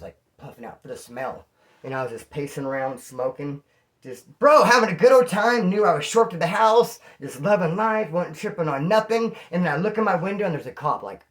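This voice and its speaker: A former inmate from California tells a prison story casually to the camera, a little high. His talk is slangy and animated, packed with "bro" and "dude."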